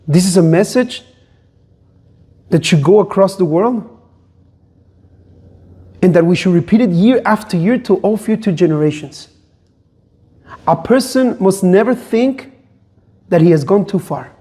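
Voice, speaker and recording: High-voiced rabbi guy preaching hard, lots of questions, hebrew words thrown in. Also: mellow, slightly rough. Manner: impassioned, rhetorical questions, mixes Hebrew terms. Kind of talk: sermon.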